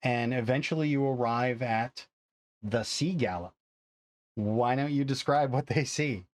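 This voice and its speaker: A man's voice: mid-range voice, measured pace. A man taking part in a tabletop game, narrating casually and handing the scene to the game master. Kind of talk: casual chat.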